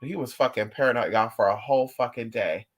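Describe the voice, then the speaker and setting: A man vlogging in casual livestream chat, telling stories to his viewers in an animated, profane way with playful asides. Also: medium pitch, brisk.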